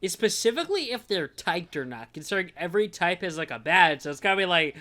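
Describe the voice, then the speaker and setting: A man co-hosting a podcast in casual chat, teasing his co-host with deadpan jokes. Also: sits high, fast.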